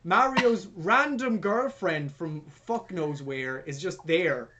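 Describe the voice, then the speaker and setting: A man's voice: high-pitched, takes it slowly, pushed and bright, dull audio. A man co-hosting a film review podcast, recapping the plot in casual, sarcastic, sweary chat.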